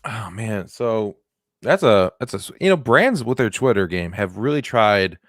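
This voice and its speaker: A man's voice: lowish voice, very animated, normal speed, dry recording, studio quality. A man co-hosting a comedy podcast in casual banter, joking and restarting his sentences. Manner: jokey, restarts often, swings into loud silly voices. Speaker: podcast co-host.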